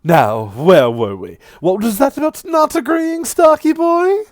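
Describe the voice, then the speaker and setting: A man's voice: extremely high pitch, expressive, dry recording, clean studio sound, pitched above the performer's own voice. A man doing a gleeful sneering demon lord. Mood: taunting. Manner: taunting, gleeful, drawn-out sneer. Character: mocking male demon lord of lies.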